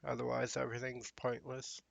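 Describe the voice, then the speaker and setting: A man's voice: mid-range voice, completely flat delivery, brisk, creaky, no room sound. A man hosting a gaming channel, rambling and musing aloud in casual commentary while he plays.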